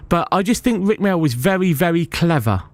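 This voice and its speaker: A man's voice: high-pitched, expressive. A man presenting a radio show, asking his guest friendly, curious questions and chipping in often. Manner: friendly, curious, quick to chip in. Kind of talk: radio interview.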